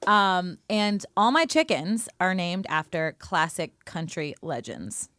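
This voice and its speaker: A woman's voice: lowish voice, lively intonation, takes it slowly, a bit bright, dry recording. A woman who is a singer and co-host, telling stories with giggles in casual radio chat in a studio. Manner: giggly storytelling.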